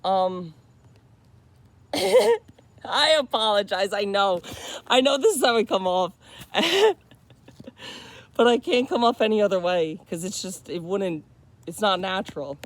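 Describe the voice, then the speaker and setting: A vlogger delivering a loud, impassioned spiritual monologue straight to camera, swearing freely, calling the listener bro and buddy, and repeating phrases for emphasis. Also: mid-range voice, sing-song, slow pace, long pauses.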